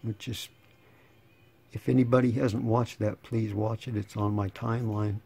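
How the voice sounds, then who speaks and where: Dark husky man in his sixties, sarcastic. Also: fairly low pitch, little pitch movement, moderate pace. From United States. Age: 60s. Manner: sarcastic, rambling, laughing between lines. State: slightly hoarse. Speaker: channel host. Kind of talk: casual monologue.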